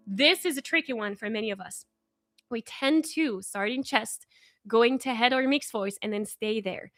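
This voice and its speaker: Upbeat female vocal coach, higher voice. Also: normal speed, a bit bright, soft background music. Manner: encouraging, upbeat, praises often. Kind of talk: live-streamed singing warm-up. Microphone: in front of her own camera.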